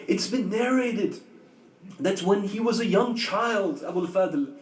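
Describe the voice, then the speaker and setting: A man delivers a sermon in a very high voice, telling the story with feeling and asking the listeners questions. The sound is roomy and picked up from a distance, with a faint hum of the hall behind him. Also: normal speed. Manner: emotive storytelling with rhetorical questions. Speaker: preacher. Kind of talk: sermon narration. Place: community religious center hall.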